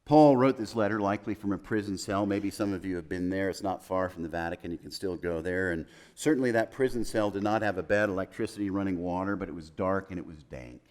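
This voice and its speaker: A man preaching a sermon as pastor in a chapel, building through emphatic lists and dropping to soft, hushed quotes. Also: deep voice, fast, hardly any pauses.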